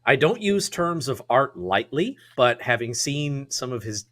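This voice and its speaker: A man chats on a talk show, his pitch swinging up and down as he talks. He stresses his words deliberately to drive each point home. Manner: deliberate, emphatic, lively pitch. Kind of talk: casual chat.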